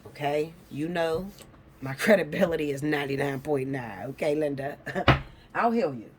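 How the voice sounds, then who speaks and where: A woman reading tarot cards to her viewers in a casual, blunt way. She swears freely and teases her audience, dropping to low mutters and then rising to loud, high-pitched bursts. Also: normal speed, heavy background noise. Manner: blunt, profane and teasing, breaks into laughs; lively, swinging from low mutters to high shouts. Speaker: tarot reader.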